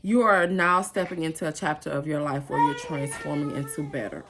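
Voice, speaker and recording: Earnest woman, lowish voice. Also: steady tone, a little fast, noisy background. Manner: earnest, emotional and rambling, with restarts and asides. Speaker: spiritual vlogger. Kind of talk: casual motivational monologue.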